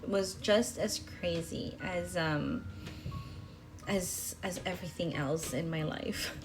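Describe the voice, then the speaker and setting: A young woman with a fairly low voice, chatting in a voice-over as she walks through her planner pages. She rambles, tripping over words and filling gaps with "um", while soft music plays faintly underneath. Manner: rambling, with many fillers and restarts. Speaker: planner vlogger.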